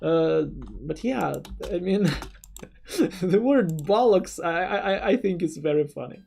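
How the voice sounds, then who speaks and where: Slow, mellow streamer. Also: medium pitch, animated, creaky, husky. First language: Russian. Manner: rambling, stammering restarts, casual swearing. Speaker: streamer reading chat. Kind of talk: casual live-stream chat.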